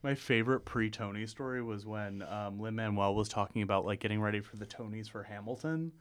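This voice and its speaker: A man's voice: on the low side, fairly quick, clean tone. A man co-hosting a podcast, telling stories about musicals in an easygoing way with plenty of fillers. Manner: easygoing, filler-heavy storytelling. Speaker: podcast co-host. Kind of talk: casual chat about musicals.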